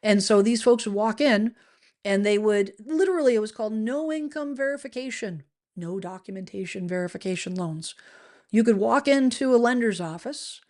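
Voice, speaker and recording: A middle-aged woman talks through housing finance for her viewers like a seasoned real estate agent. Her delivery is chatty and animated, and she often breaks off mid-sentence to start again. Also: mid-range voice, normal speed. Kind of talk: casual explanatory talk to camera.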